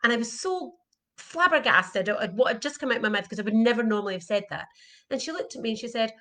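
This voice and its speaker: A woman's voice: on the high side, animated, fast, a bit bright. A middle-aged woman, an animal communication coach, giving an earnest, heartfelt motivational talk and repeating her questions for emphasis.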